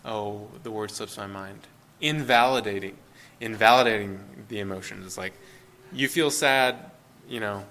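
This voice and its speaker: Man, pastor, conversational sermon, bright forceful voice, laughing asides, frequent restarts. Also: lowish voice, normal speed, slight background noise. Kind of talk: informal sermon.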